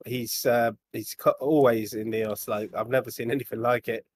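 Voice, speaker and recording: A British man hosting a casual podcast, talking in an excited, chatty way and laughing easily. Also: medium pitch, moderate pace, no echo, studio quality.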